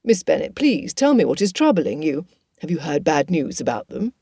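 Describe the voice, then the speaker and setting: A woman voicing a courteous gentleman officer in an audiobook, speaking politely and formally in a lowered voice. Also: very animated, moderate pace, breathy edge, no echo, studio quality, heavily acted. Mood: concerned. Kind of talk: audiobook character voice.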